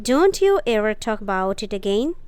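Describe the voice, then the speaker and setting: A woman voicing a bossy, sharp-tongued young girl who scolds and snaps. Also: mid-range voice, sing-song, moderate pace, clean tone, no echo, close to an everyday voice. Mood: sharp, scolding. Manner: snappish and scolding.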